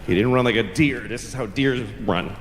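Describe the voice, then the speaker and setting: A man doing live stand-up comedy, animated and acting out voices and sound effects. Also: mid-range voice, normal speed, a little hiss or hum. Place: large live comedy venue. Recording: reverberant live venue with faint ambience.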